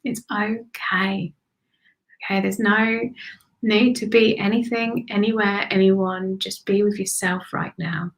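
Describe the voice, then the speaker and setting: A woman's voice: mid-range voice, steady tone, rough recording. Soothing woman giving spiritual card readings. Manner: soothing, slow, repeats phrases, drops to whispers. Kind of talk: live-stream intuitive reading.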